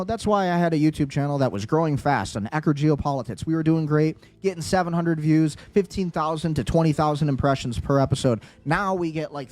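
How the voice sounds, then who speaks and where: A man hosting a heated commentary, his voice sitting a bit high for a man. He talks in an agitated, insistent way and hammers his points by repeating them. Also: a little mellow. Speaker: political commentary host.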